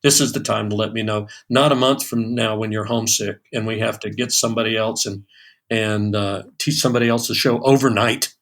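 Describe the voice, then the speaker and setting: A man's voice: on the low side, fairly even intonation, fairly quick, a bit bright. A man in his sixties, a session drummer, telling stories in an interview with many fillers and restarts. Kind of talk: storytelling in a podcast interview.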